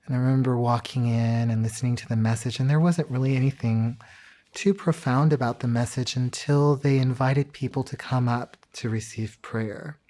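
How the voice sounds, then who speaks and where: A man sharing a personal testimony in a calm, measured, deliberate way. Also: medium pitch. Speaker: interviewee.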